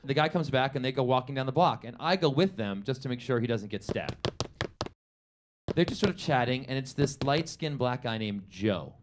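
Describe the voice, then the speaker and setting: A man's voice: mid-range voice, moderate pace, background noise. A man telling a comedic true story to a live audience, acting out the quoted voices. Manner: animated, acts out quotes in big voices.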